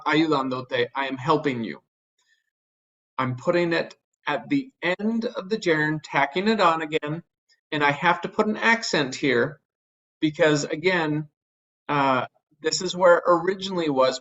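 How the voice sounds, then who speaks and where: A male teacher walks through a grammar lesson step by step, patient and unhurried, dropping an um now and then. His voice sits a little high. The recording is muffled and lo-fi. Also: fairly bright tone. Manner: patient, explains step by step with fillers. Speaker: Spanish teacher.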